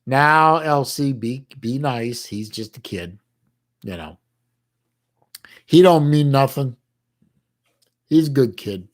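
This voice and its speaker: With lively intonation in a mid-range voice, a middle-aged American livestream host chats casually with his viewers as he reads their messages. He stops and starts a lot, peppering his talk with folksy slang.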